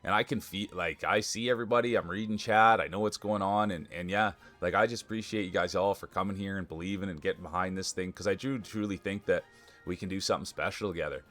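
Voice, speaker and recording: A man streaming live, chatting casually and excitedly with his viewers and thanking them by name. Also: low voice, fast. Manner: excitable, talks straight to chat.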